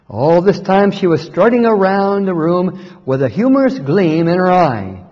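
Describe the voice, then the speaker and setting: A man's voice: sits high, very animated, normal speed, a little mellow, long reverb tail, lo-fi sound. A man, a pastor, telling a story in the first person in an earnest, reflective way.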